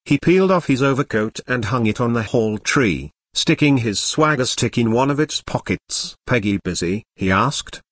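Husky synthetic male audiobook narrator. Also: medium pitch, moderate pace, few pauses, dry recording, clean studio sound. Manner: even, uninflected text-to-speech reading.

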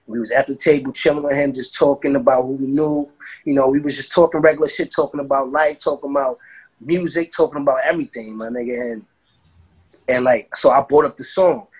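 A man from Brooklyn telling an animated, profane story in a casual interview and acting out what people said. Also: mid-range voice, fairly quick, husky. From Brooklyn, New York. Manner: animated, profane street talk, acts out quotes. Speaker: interview guest, music producer.

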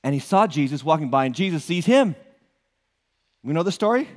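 Male pastor, New England accent, high voice, lively preaching with jokes and rhetorical questions, church hall reverb. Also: brisk, long pauses. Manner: animated, joking asides, rhetorical questions to congregation. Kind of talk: sermon. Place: church auditorium.

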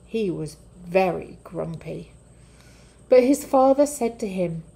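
A woman reading a children's Bible storybook aloud for a church, gentle and measured. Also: on the low side, gravelly, poor audio.

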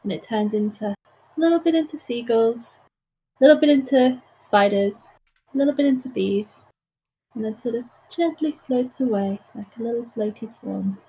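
A woman playing in a tabletop game, describing her character gently with casual fillers. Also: fairly high pitch, moderate pace, breathy edge, low-quality recording. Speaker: player.

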